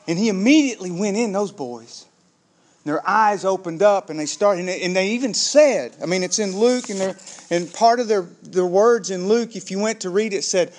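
High-voiced pastor preaching with animation. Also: male voice, moderate pace. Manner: animated storytelling, acting out biblical characters. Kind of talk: sermon.

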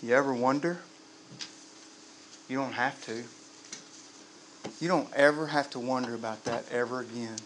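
A man preaching a sermon to a live congregation, lively and humorous, quizzing the crowd. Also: mid-range voice, moderate pace, pauses often, a little hiss or hum. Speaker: pastor.

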